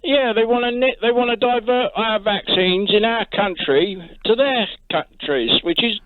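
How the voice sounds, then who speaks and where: A man's voice: high voice, moderate pace, no echo. A man calling in to a radio show, speaking bluntly and indignantly. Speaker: caller. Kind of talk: talk radio call. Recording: phone line.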